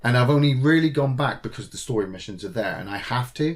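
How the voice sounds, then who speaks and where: A man's voice: mid-range voice, fast talker. A man co-hosting a podcast in casual chat, swearing freely and acting out game characters as he retells what happened. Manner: swears a lot, acts out characters in animated retellings. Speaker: podcast co-host.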